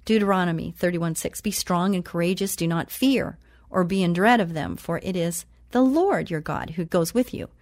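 A woman hosting a Christian talk show who reads scripture slowly and with emphasis, then chats casually. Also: lowish voice, darkish tone, dry recording, studio quality.

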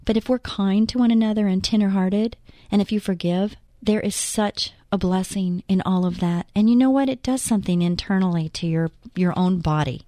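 A woman's voice: medium pitch, moderate pace, warm tone, dry recording, studio quality. A woman reading Bible passages and explaining them in an earnest, conversational way, often asking the listener questions. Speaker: Bible teacher. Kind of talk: devotional Bible reading and teaching.

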